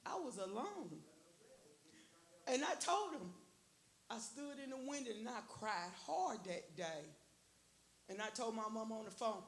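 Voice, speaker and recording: A woman's voice: fairly high pitch, animated, a little slow, pauses often. A woman giving an earnest personal testimony in church, repeating phrases and quoting her own prayers. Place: church sanctuary. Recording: echoey church with faint hiss.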